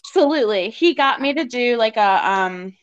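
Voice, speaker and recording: A woman's voice: fairly high pitch, lively intonation, moderate pace, heavy background noise. A woman as a guest, telling a personal story in conversation and acting out quoted dialogue with lots of fillers. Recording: slightly dull lo-fi recording.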